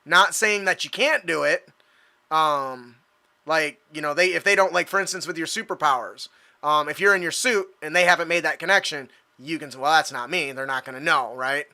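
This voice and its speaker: A man narrating as game master of a tabletop game, casual and halting, with many pauses and fillers. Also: fairly high pitch, bright, forceful tone.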